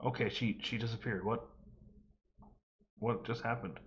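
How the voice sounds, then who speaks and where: A man's voice: fairly low pitch, steady tone, measured pace, muffled recording, slight background noise. A man hosting a let's play from home, reading game dialogue aloud in a plain voice and adding wry asides. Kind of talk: casual gameplay commentary. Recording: game music playing under the voice.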